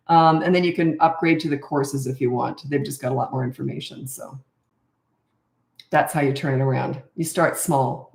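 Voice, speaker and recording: A parenting coach in her fifties answers parenting questions on a live stream, speaking calmly and plainly in a low voice. The room around her sounds echoey.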